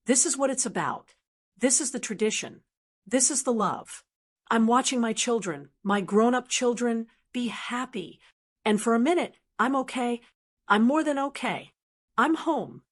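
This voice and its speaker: A woman's voice: on the high side, expressive, a little slow. An older woman narrating a first-person family story in a reflective, emotional way.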